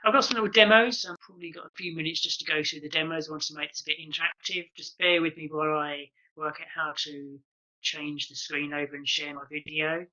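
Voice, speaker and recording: A man's voice: fairly high pitch, fairly even intonation, brisk, bright, forceful tone, muffled recording. A man giving an online conference presentation over a video call, explaining projects with lots of ums and uhs. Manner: explanatory, filler-heavy with many ums and uhs.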